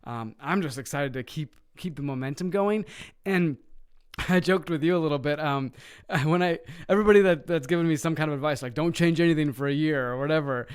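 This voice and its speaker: A man's voice: fairly high pitch, fairly quick, clear, resonant tone. A man, an associate pastor, talking in upbeat casual chat and laughing easily.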